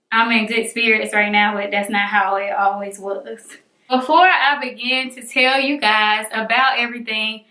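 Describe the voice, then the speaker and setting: Young woman vlogger, bright and slightly high, dramatic storyteller; echoey room. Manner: animated, dramatic retelling with acted-out voices. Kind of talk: storytelling vlog.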